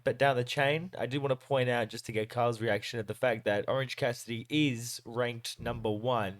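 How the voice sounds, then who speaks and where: A man's voice: mid-range voice, steady tone, normal speed, no echo, studio quality. A man co-hosting a casual podcast chat, laid-back and easygoing. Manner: laid-back, laughs along. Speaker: podcast co-host.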